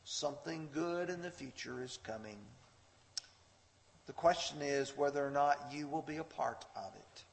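A man's voice: on the high side, normal speed, vocal fry. A man preaching a sermon, earnest and fervent, reading scripture with rising intensity. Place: church sanctuary. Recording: long hall reverb.

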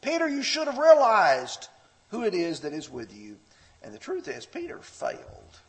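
A man delivers a sermon with a somewhat high voice that rises and falls widely. He tells a story with expression and raises his pitch sharply when he quotes scripture. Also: wildly swooping pitch, normal speed. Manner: storytelling with a personal anecdote. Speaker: pastor.

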